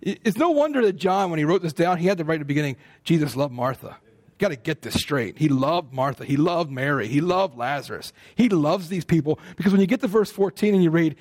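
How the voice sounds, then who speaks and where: A middle-aged man preaching a sermon in a relaxed, conversational way, with playful asides. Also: a little high, a little fast. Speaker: pastor.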